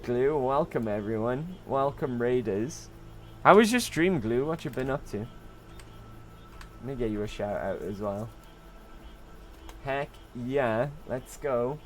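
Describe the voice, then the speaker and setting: A man's voice: mid-range voice, lively intonation, takes it slowly, long pauses, slight background noise. A middle-aged man streaming a game live, chatting casually and teasing viewers with jokes and the odd curse word. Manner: joking, teasing banter with occasional swearing. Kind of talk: casual live-stream chat while playing.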